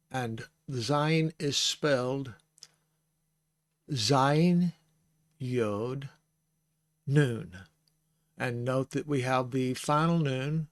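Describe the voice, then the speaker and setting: A man's voice: mid-range voice, extremely slow, pauses often, no room sound, studio quality. A man giving an informal lesson on the Hebrew alphabet, talking patiently, spelling out sounds and correcting himself as he goes. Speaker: Bible Hebrew teacher. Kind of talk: informal teaching. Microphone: close microphone.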